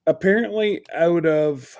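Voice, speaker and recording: Unhurried co-host, mid-range voice, relaxed casual chat. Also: mid-range voice. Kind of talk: casual live-stream chat.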